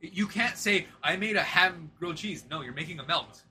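High, lively, bright-voiced joking man. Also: moderate pace. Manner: joking, mimics voices in his stories. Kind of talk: casual chat among friends.

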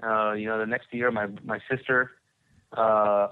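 A man's voice: lowish voice, little pitch movement, measured pace, clear, resonant tone. A man telling his story as a podcast guest, rambling with many restarts and repeated words. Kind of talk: conversational testimony. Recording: tinny phone-like line.

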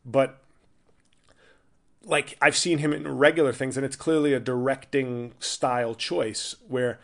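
A man's voice: medium pitch, steady tone, unhurried, gravelly. A man hosting his own podcast as a stand-up comedian, riffing in a rambling, irreverent, self-interrupting monologue.

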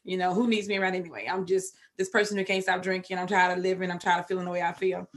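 A Texan woman telling her recovery story as a podcast guest, candid and emotional, with sudden loud outbursts. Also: on the low side, flat delivery, very fast. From Texas.

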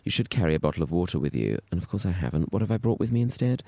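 A man's voice: low-pitched, very animated, rapid-fire, gravelly, dark tone. Camp guy on a podcast, playful teasing, voice jumps all over. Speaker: podcast co-host. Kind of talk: casual chat.

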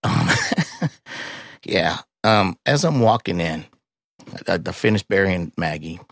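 A middle-aged man, a podcast guest, telling a painful personal story in a raw, halting way, swearing often and restarting his sentences. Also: deep voice, animated, gravelly, a bit bright, no room sound, studio quality.

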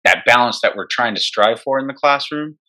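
A man co-hosting an education podcast, making his points in a direct, emphatic way. His voice has a bright, forceful edge at a middle pitch. He speaks bluntly and does not soften what he says. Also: expressive, a little fast. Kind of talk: casual conversation.

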